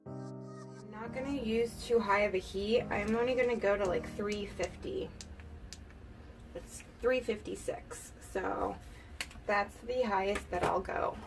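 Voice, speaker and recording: A woman's voice: mid-range voice, steady tone, unhurried, music in the background. A woman vlogger giving a casual hair tutorial, chatty and giggly, saying "like" often. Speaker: beauty vlogger. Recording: distant mic with clear background noise.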